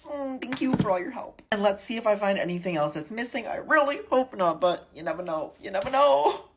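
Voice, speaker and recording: Animated exasperated young male vlogger. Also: sits high, fairly quick, background noise. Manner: dramatic, exasperated, swears freely, squeals when indignant. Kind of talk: casual vlog storytelling.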